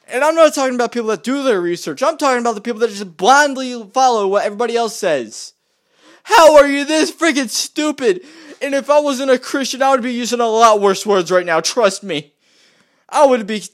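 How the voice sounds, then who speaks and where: A man's voice: high voice, fairly bright tone. A man delivering a heated, exasperated rant to camera, often repeating himself and restarting his sentences. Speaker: vlogger. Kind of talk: heated ranting monologue.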